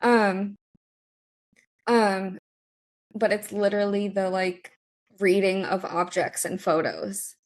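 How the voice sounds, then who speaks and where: A woman's voice: mid-range voice, fairly even intonation. A woman co-hosting a podcast, chatting casually and affirming her partner often. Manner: supportive listener, quick affirmations. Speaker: podcast co-host. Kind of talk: casual chat.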